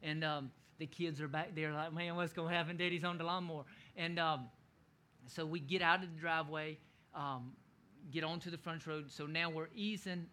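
A middle-aged male pastor telling a funny story in a sermon, laughing often and shouting the lines he quotes. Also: fairly high pitch, fairly even intonation, normal speed.

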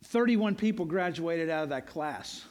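A man with a high, bright voice preaches a sermon, earnest and emphatic. He leans on repeated refrains and drives each point home to the congregation. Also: animated, normal speed. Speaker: pastor.

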